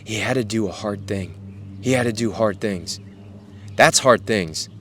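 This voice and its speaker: A young man hosting a devotional podcast, talking earnestly and repetitively to other men, dropping softly on words of address. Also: fairly low pitch, measured pace, slight background noise. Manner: earnest, repetitive, drops to near-whisper on "guys". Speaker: Christian podcast host. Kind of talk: casual devotional talk to men.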